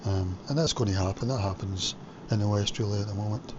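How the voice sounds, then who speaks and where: Talking fairly quickly in a lowish voice, this Scottish vlogger rambles and uses lots of fillers as he cooks at home. The audio is lo-fi, with noise in the background of the kitchen.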